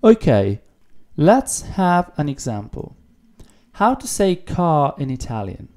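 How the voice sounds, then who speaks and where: A man's voice: fairly high pitch, very animated, slow pace, a little mellow. A man teaching an online beginner language lesson, explaining patiently and repeating words for practice. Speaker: Italian teacher.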